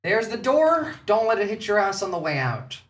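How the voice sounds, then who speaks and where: A man's voice: high-pitched, big pitch swings, normal speed, fairly bright tone. An Australian man talks loosely and off the cuff, cursing freely and stumbling over fillers as he reacts to clips. He sits well back from the microphone in a room that echoes. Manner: casual, profane, filler-heavy. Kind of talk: casual live commentary. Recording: distant mic in an echoey room.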